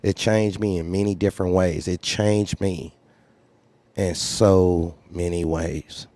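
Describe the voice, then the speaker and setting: A man's voice: low voice, steady tone, slow, a little mellow, no room sound. A man who runs a trucking company, candidly telling a story in a blunt, profane way and repeating phrases for emphasis. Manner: acts out others' lines in raised voice.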